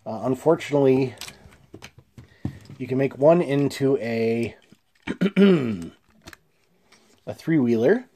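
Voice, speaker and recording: Mellow-voiced congested male toy reviewer. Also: medium pitch, slow pace, pauses often. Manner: easygoing, chuckling, many fillers and restarts. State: a little congested.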